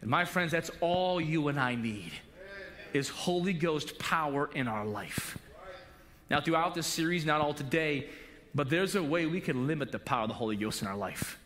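A male pastor in his forties preaching a sermon in a church, animated and acting out little dialogues. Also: a little high, moderate pace. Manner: animated, acts out coach-and-player dialogue. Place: church sanctuary. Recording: long hall reverb.

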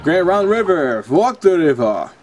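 A man's voice: high voice, sing-song, measured pace, faint music behind. Profane, exasperated young man gaming. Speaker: let's play gamer. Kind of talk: casual gameplay commentary.

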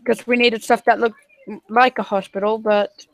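A woman joining a gaming livestream as co-player, making playful, quick remarks in casual chat. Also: fairly high pitch, little pitch movement, dry recording, low-quality recording. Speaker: co-player, guest.

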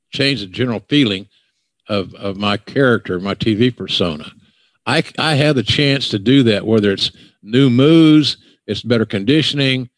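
A man's voice: mid-range voice, no echo. An older man with a Southern accent, hosting a podcast and ranting bluntly with profanity. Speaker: podcast host. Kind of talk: casual podcast chat.

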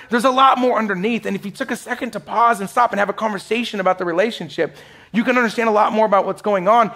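A male pastor delivering a sermon in a conversational way, swinging from loud, emphatic lines to hushed ones and acting out the voices he quotes. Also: high voice. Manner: conversational, many "like" asides and laughs. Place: church sanctuary.

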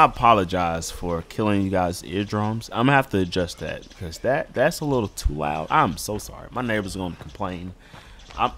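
Man, gaming commentary, lively pitch, yells a lot, noisy game sound behind, home setup. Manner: excitable, yells and talks to game characters. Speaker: gaming YouTuber. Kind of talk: let's play commentary. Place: home room.

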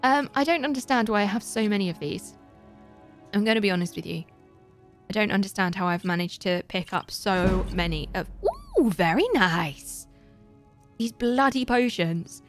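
A woman's voice: medium pitch, moderate pace, faint music behind. A woman livestreaming a video game, rambling in a playful, self-mocking way to her chat. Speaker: livestreaming gamer. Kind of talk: casual gaming commentary.

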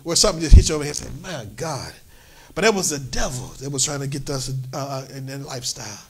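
A middle-aged pastor with a New York accent, preaching a sermon in a church with emphatic, repeated lines. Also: male voice, mid-range voice, racing. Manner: preaching with rising, emphatic repetition. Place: church sanctuary.

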